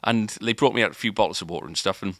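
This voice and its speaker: Racing along in a lowish voice, a man co-hosting a podcast spins out a long, casual story. He rambles with plenty of filler and repeated restarts, and the recording has no room sound.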